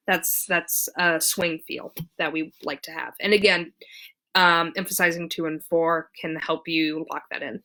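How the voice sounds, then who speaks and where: A woman's voice: deep voice, steady tone, measured pace, sharp tone, slight background noise. A woman teaching ukulele in a casual tutorial, counting beats aloud with many ums. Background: her own ukulele strumming.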